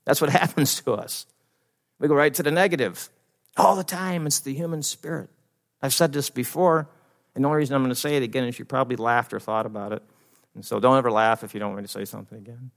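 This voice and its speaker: A man's voice: mid-range voice, steady tone, quick pace, vocal fry. A man delivering a sermon from the pulpit, with a mid-range voice and a long church-hall reverb trailing each phrase. He preaches with animation, slipping into frantic worried inner voices and laughing along with his own stories. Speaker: pastor.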